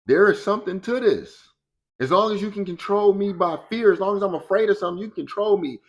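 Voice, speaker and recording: A man's voice: high voice, quick pace, muffled recording. A man speaking as a motivational speaker in a colloquial, preachy way, acting out the voices he quotes. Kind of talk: motivational talk.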